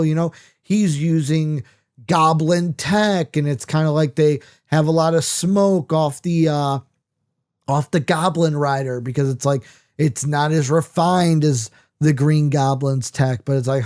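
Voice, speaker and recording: Rambling, mellow-voiced male comic reviewer. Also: a little high. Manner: rambling, conversational, many fillers. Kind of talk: casual comic book discussion.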